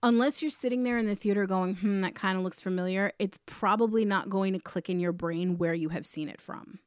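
A woman's voice: medium pitch, steady tone, fairly quick, dry recording, studio quality. A woman co-hosting a podcast, speaking frankly with laughing, mock-protesting reactions. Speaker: podcast co-host. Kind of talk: casual podcast chat. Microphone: podcast microphone.

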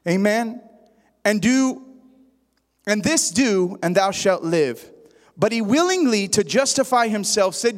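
A man's voice: high-pitched, normal speed, in a large hall. A man preaching a sermon, praying and telling a story, rising at times into a sing-song preaching cadence. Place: church sanctuary.

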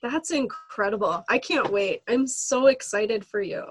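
A woman's voice: on the high side, animated, unhurried, slightly rough, soft background music. A woman who works as a medium, a guest on a podcast, chiming in with short, eager agreeing remarks. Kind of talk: casual podcast chat.

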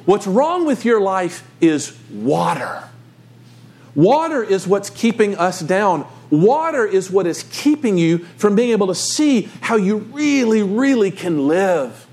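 A man's voice: high voice, sing-song, slow, a little mellow, full character voice. A man voicing a pompous male blowfish who lectures a crowd of fish in a grand, preachy way, told within a sermon. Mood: lecturing.

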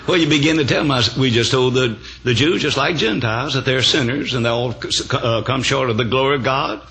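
Bright-voiced older man preaching folksy sermon. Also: mid-range voice. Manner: folksy, emphatic, punctuated with amens and laughter. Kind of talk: sermon storytelling.

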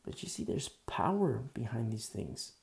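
Gravelly-voiced man preaching casually. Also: medium pitch, big pitch swings, a little slow, a little mellow. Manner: conversational, folksy preaching with asides and acted quotes. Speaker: pastor. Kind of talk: sermon.

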